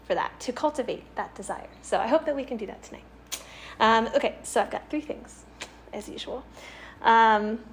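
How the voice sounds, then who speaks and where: A young woman giving an informal sermon to a student group, earnest and halting, full of "like" and "um", with light laughs between points. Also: on the high side. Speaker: campus ministry speaker.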